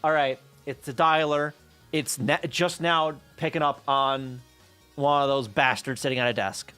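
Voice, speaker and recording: A man streaming, telling a story in casual chat with an animated, profane manner, acting out the voices of the people he talks about. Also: medium pitch, measured pace, clean tone, soft background music.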